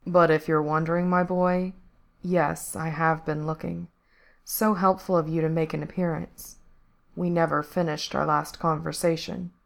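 A woman voicing a cold, menacing male villain who speaks quietly and with measured threat. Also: deep voice, little pitch movement, vocal fry. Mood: soft menace.

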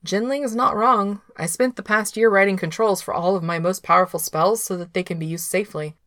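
A woman voicing a playful, quick-witted young male cultivator who talks with bright, incredulous energy. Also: medium pitch, dry recording, studio quality, pitched above the performer's own voice, lightly acted. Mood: questioning.

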